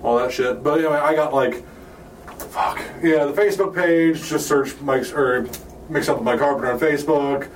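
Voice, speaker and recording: A man's voice: a little high, normal speed. A man hosting a casual comedy podcast, rambling through his plugs with crude jokes and frequent laughter. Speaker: podcast host. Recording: distant mic, faint room noise.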